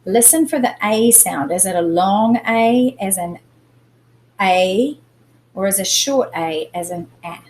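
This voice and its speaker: A woman's voice: mid-range voice, expressive, a little slow, hardly any pauses, darkish tone, slight background noise, rough recording. Patient woman teacher explaining spelling. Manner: patient, explains step by step, stresses syllables. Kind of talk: recorded spelling lesson for students.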